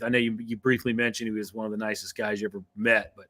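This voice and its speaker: A man hosting a casual live interview, asking relaxed questions with fillers. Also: mid-range voice, quick pace, few pauses. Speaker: host.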